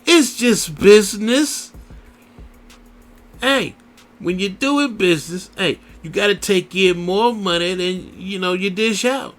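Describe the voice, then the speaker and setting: A man's voice: high-pitched, pushed and bright. A man hosting a radio show, ranting in a blunt, profane and preachy way. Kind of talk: profane solo radio rant.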